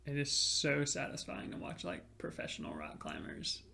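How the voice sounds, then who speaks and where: A man's voice: deep voice, very animated, normal speed, vocal fry, bright, forceful tone. A man in his twenties co-hosting a podcast, chatting in an easygoing, laid-back way. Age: 20s. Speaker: podcast co-host. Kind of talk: casual chat.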